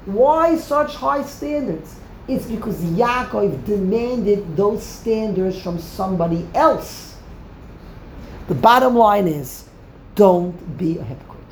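Animated woman giving a Torah talk. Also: medium pitch, takes it slowly, a little hiss or hum. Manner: emphatic, repeats phrases for stress. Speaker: Torah teacher. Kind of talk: Torah lecture. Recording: roomy echo.

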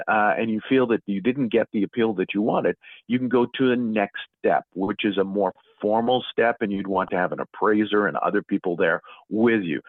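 A middle-aged man, a guest author, explaining property appeals in a measured way with frequent fillers, calling in to a talk show. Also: lowish voice, no echo. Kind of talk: radio talk show interview. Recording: tinny phone line.

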